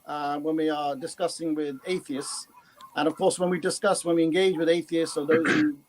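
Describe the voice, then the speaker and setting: A man on a panel giving earnest, halting explanations with frequent fillers. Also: a little high, fairly even intonation, low-quality recording. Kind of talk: casual panel chat.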